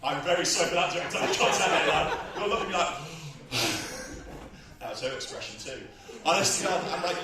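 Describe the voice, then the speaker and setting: A man performs a bawdy, self-mocking stand-up set on a comedy club stage, laughing at his own jokes as the audience laughs too. His voice is mid-range and moderately paced, captured from far off in an echoey club with a crowd, and the audio is very noisy.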